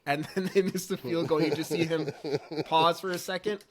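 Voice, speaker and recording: A man's voice: on the high side, steady tone, moderate pace. A man in a casual sports chat, laid-back, telling stories and laughing along. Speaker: co-host.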